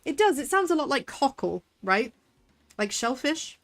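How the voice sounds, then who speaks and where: A woman's voice: high-pitched, very animated, normal speed, a bit bright, faint music behind. A woman with a Devon accent, streaming a game and chatting in a giggly, rambling way. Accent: Devon English. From Southwest England. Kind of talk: casual gaming commentary.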